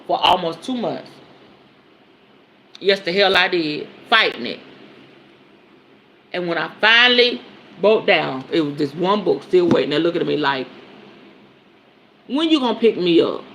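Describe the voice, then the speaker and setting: A woman hosting a spiritual talk show, speaking in a casual, emphatic teaching style with frequent swearing and laughter. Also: a little hiss or hum. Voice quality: lively, animated pitch swings. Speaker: podcast host and spiritual teacher. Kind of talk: casual spoken teaching monologue.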